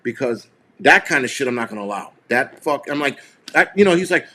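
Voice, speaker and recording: A man's voice: mid-range voice, a little fast, sharp tone. A man hosting a live stream, retelling a tense encounter in a heated, profane, rambling way. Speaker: show host.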